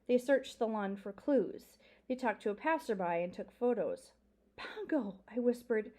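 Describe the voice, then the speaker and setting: A woman teacher reads a children's novel aloud to young pupils. Her delivery is expressive, and at times she drops to a whisper. Her voice sits at a middle pitch.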